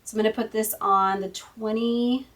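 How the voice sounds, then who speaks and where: A woman's voice: a little high, steady tone, fairly quick, fairly bright tone, recorded from a distance. A woman hosting a casual card-making tutorial at her craft table, chatty and thinking aloud as she works. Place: home craft room.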